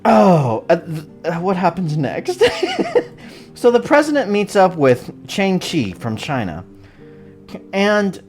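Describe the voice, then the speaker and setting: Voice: mid-range voice, very animated, slow pace, pauses often, a little mellow, faint music behind. A movie reviewer giving a casual, rambling recap full of jokes and frequent laughter. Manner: rambling and joking, laughs often. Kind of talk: casual spoiler-filled recap.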